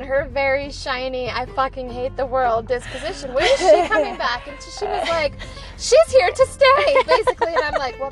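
Woman podcast co-host, high voice, teasing and animated, clear music bed underneath. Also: rough recording. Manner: teasing, animated, quotes texts back and forth. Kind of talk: casual chat.

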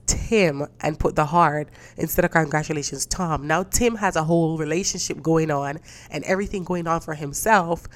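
Stuffy-voiced low woman podcaster. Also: normal speed. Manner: animated storytelling, swearing, acting out dialogue. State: stuffy from a cold. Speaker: podcast host. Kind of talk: casual solo podcast chat.

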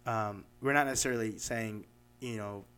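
A man's voice: fairly low pitch, moderate pace, bright, forceful tone, smooth. A man co-hosting a casual podcast chat, talking in a rambling way full of fillers and restarts, explaining his ideas through examples. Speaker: podcast co-host.

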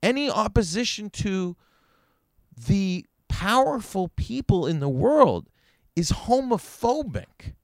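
A man's voice: high-pitched, slow pace, dry recording, studio quality. Profane ranting male podcast host. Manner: profane, animated ranting with sarcastic asides. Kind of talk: solo comedy podcast rant. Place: in Vancouver.

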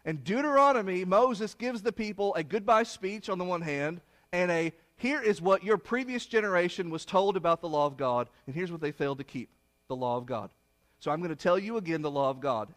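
A man preaching a sermon, retelling a story with rhetorical questions and swinging between loud emphasis and hushed low phrases.

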